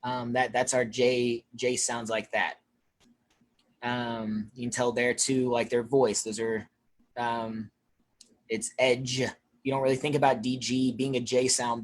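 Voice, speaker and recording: Presenter, mid-pitched and hurried, informal with filler-heavy delivery. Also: fairly even intonation, a little hiss or hum. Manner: rushed, with frequent fillers. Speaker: featured speaker. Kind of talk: presentation on accents.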